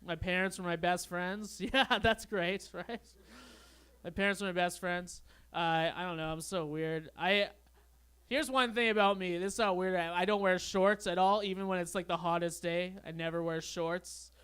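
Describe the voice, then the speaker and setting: A young man doing a stand-up comedy set on a club stage, with a deadpan, awkward storytelling manner. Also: sits high, normal speed, smooth. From Canada.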